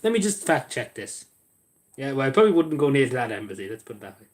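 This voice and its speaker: A man chatting casually on a live stream, rambling and joking, his voice often trailing off quietly at the ends of sentences. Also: medium pitch, big pitch swings, fast talker.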